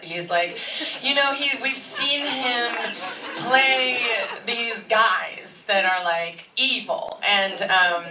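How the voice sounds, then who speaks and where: An actress on a convention panel telling rambling, giggly anecdotes with many "like"s. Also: female voice, medium pitch. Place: large convention hall. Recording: echoey hall, far from mic, faint noise.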